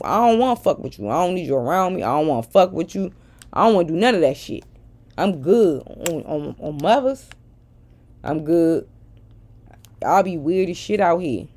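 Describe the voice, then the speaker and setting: A woman's voice: lowish voice, darkish tone. A middle-aged woman ranting bluntly and profanely at her followers in a casual vlog. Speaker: social media personality.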